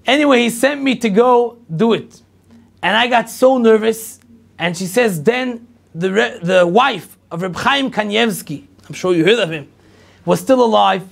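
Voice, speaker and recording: A man's voice: sits high, unhurried, vocal fry. A middle-aged man, a rabbi telling a personal story to an audience and acting out the dialogue, with lots of repetition. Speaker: rabbi lecturer.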